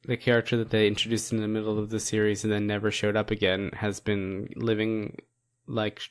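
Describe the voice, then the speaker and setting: A man's voice: on the low side, monotone, fairly quick, clean tone. A man co-hosting a podcast in casual chat, rambling with many fillers and frequent laughs. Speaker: podcast co-host.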